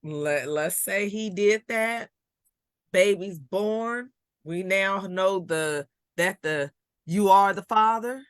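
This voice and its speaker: A woman's voice: mid-range voice, slow, smooth, no echo. A middle-aged woman hosting a casual talk show, chatting in a conversational way and pushing back on her guest's points. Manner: conversational, plays devil's advocate. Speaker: podcast host.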